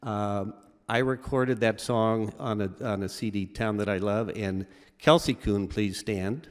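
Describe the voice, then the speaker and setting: Halting middle-aged man in an echoey hall. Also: lowish voice, fairly even intonation. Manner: halting and emotional, many fillers and restarts. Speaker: award recipient. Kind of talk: acceptance speech. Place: large event hall. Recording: reverberant hall with audience.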